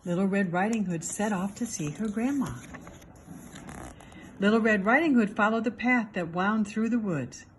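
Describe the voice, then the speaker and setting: A woman reading a children's picture book aloud, expressive and animated for young listeners. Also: medium pitch, moderate pace, a little hiss or hum. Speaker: children's story reader. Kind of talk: storybook read-aloud.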